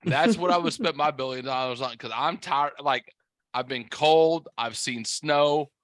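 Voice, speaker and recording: A man co-hosting a casual podcast, animated and quick to interrupt, swearing and acting mock-incredulous. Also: a little high, dry recording. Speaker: podcast co-host.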